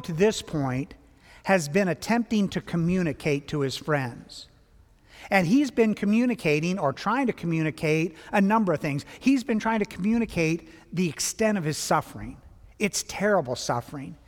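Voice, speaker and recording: A man delivers a Bible lesson in a sermon-like style, his voice pitched high for a man. He slips wry jokes in among the teaching. The sound carries a long reverb, like a large hall. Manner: wry, joking asides in a teaching flow.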